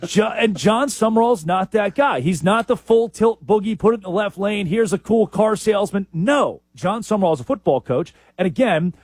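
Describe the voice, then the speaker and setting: Animated, husky-voiced man. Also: high-pitched, moderate pace, few pauses, no echo. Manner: animated storyteller, lively impressions. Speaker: sports podcast co-host. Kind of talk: casual sports talk.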